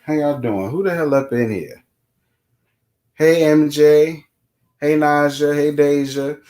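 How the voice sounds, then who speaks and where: A sassy man with a fairly high voice runs a casual live stream. He greets his viewers one by one and gives blunt commentary laced with swearing. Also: slow pace, darkish tone. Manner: greets chat viewers by name.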